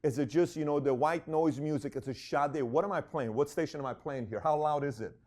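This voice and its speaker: Man, emphatic business talk, storyteller, slightly high voice. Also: fairly quick, darkish tone. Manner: emphatic, storytelling, acts out quotes. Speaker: business speaker.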